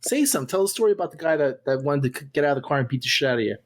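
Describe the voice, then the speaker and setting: A woman's voice: low-pitched, animated, very fast. A woman co-hosting a casual podcast, teasing and laughing often. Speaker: podcast co-host. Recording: noisy recording.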